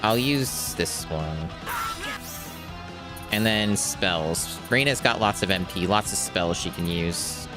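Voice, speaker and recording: A young man streaming his first playthrough of a game, chatting in a joking, rambling way with casual profanity. His voice sits on the low side. Music plays clearly behind him. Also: animated, slow pace. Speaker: blind let's play streamer. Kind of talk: casual gameplay commentary.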